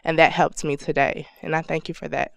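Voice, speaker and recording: A woman guest on a faith podcast, speaking in a soft, measured, prayerful way. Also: deep voice, flat delivery, gravelly. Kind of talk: faith-based podcast chat.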